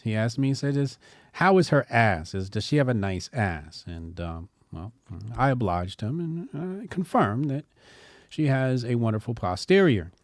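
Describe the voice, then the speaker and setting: A man's voice: on the low side, a little mellow, no echo. A man hosting a casual opinion show, talking bluntly with rambling, joking asides. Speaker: commentary show host.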